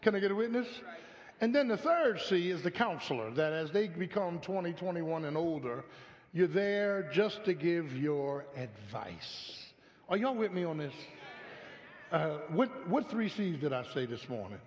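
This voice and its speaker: A man's voice: on the high side, animated, unhurried. A male pastor preaching a sermon in a church, calling for response from the congregation and repeating his words as he builds. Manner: call-and-response preaching with repeated stammered phrases. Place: church sanctuary. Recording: echoey hall, dull lo-fi sound.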